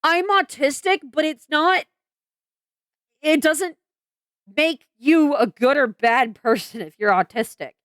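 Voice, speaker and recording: A woman's voice: sits high, takes it slowly, pauses often, fairly bright tone, no room sound. A woman venting in a commentary vlog, frank and exasperated, swearing and restarting her sentences with lots of fillers. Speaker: vlogger.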